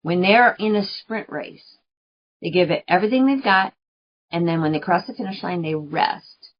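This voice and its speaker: Chatty woman coaching, dull lo-fi sound. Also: medium pitch. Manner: chatty and earnest, laughs often, repeats phrases for emphasis. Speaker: podcast host. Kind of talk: spiritual coaching monologue. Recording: dull lo-fi recording.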